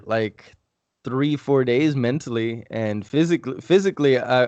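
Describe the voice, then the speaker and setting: A man in his thirties talks through a personal story in a loose, rambling way, full of restarts, fillers and casual swearing. His voice sits fairly low, and the recording sounds dry, with little room around it. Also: darkish tone, smooth, no room sound. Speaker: podcast regular. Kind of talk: casual podcast chat.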